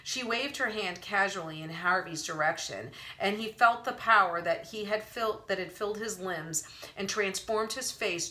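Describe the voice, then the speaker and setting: A woman's voice: mid-range voice, bright, forceful tone. A woman reading a storybook aloud as narrator, telling the story with expression. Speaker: audiobook narrator. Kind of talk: audiobook narration.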